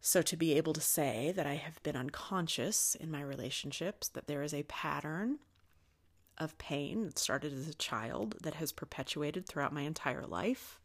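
Low-voiced woman, raw and candid. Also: animated, normal speed. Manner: candid, swears often, talks openly about her feelings. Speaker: podcast host. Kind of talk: confessional spiritual monologue.

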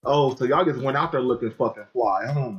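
A man's voice: medium pitch, breathy edge, highs cut off, faint music behind. A man co-hosting a podcast, teasing his friend with short reactions in casual chat. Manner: teasing, quick reactions and laughs. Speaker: podcast co-host.

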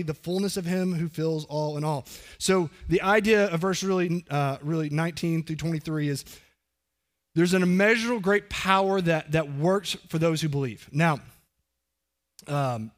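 A middle-aged man preaching a sermon as pastor, earnest and conversational, often putting questions to the congregation. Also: high voice.

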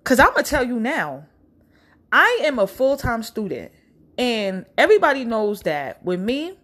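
A woman's voice: on the high side, big pitch swings, unhurried, fairly bright tone. Blunt, profane young woman ranting. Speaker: vlogger. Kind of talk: casual rant to camera.

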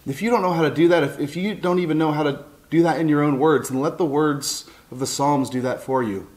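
Middle-aged male pastor, earnest and heartfelt sermon delivery, slightly raised pitch. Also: a little fast, a little mellow. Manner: earnest, heartfelt, with many restarts. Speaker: pastor and counselor.

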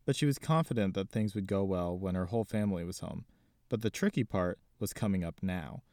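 A man narrating an audiobook in an even, steady reading. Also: on the low side, no room sound, studio quality.

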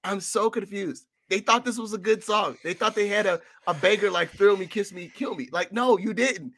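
Gravelly, bright-voiced ranting man. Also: high voice, normal speed. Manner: profane, ranting, exasperated. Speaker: podcast co-host. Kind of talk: casual film review chat.

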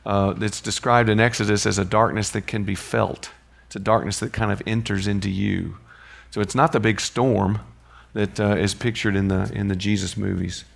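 A low-voiced man with a gravelly edge leads a Bible study, talking it through in a loose, conversational way. He keeps pausing to check in with the people listening. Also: flat delivery. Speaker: Bible teacher.

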